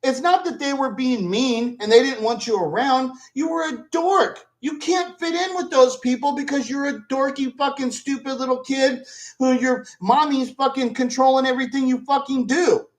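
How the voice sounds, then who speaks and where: A man's voice: very high voice, normal speed, rough recording. Guy ranting on his channel, swearing nonstop, sneering and rambling. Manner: profane, scornful, rambling. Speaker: commentary channel host. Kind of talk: ranting commentary.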